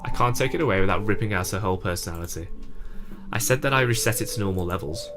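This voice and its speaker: A man's voice: lowish voice, quick pace, over music, natural voice. A man voicing a proud, remorseful teenage girl club president, emotional and tearful, in a fan reading of a game. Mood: wry. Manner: emotional, breaking into tears.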